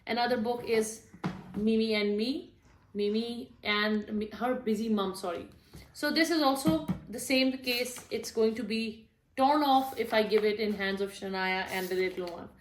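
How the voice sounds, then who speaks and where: A woman's voice: a little high, normal speed, a little hiss or hum. Mother explaining reading tips, roomy echo. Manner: friendly and explanatory, with some fillers. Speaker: mother giving reading tips for young children. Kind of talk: casual instructional talk showing books.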